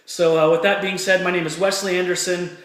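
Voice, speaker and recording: A man's voice: high voice, level tone, a little fast, fairly bright tone, reverberant. An earnest man giving a motivational talk to camera, telling a personal story and repeating phrases for emphasis. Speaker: motivational speaker.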